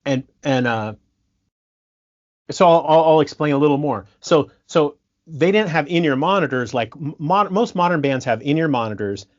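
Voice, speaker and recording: A man telling stories in a casual podcast interview, animated, laughing often and restarting his sentences. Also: on the high side, moderate pace, dull audio. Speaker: guest musician and sound engineer.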